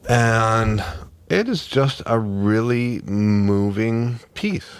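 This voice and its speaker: A man's voice: lowish voice, drawn-out words, clear, resonant tone, dry recording. A man co-hosting a book club podcast, chatting unhurriedly with fillers and reading aloud. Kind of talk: casual chat and reading aloud.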